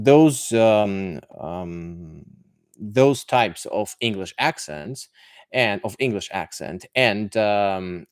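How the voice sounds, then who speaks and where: Fielding viewers' questions live on his language podcast, a male English teacher speaks in a clear, resonant, fairly low voice. His delivery is chatty and halting, packed with fillers and false starts, and the sound is dry and close-miked.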